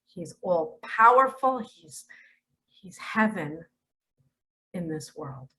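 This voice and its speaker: A woman speaking as a spiritual teacher in a religious monologue, emphatic, with sudden loud and hushed turns. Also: lowish voice, sing-song, slow pace, low-quality recording.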